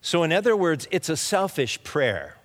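A man preaching a sermon in a church sanctuary, his voice a touch higher than most men's. He teaches in a loose, conversational way, often restarting his sentences. A long reverb trails each phrase as it rings through the hall. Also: very animated, normal speed. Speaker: pastor.

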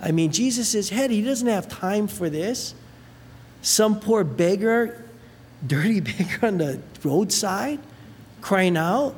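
A preacher gives an animated sermon, retelling a story with casual asides. The voice rings through a large hall with a long reverb, and faint noise sits underneath. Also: medium pitch, slow. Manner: animated storytelling, many fillers.

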